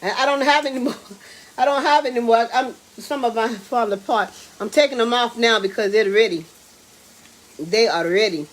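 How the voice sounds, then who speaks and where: A woman, chatting excitedly to viewers while cooking in her home kitchen. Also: fairly high pitch, normal speed. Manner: excitable, exclaims with food, talks to viewers as y'all and baby. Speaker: home cook hosting a live cooking stream. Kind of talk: casual live cooking chat.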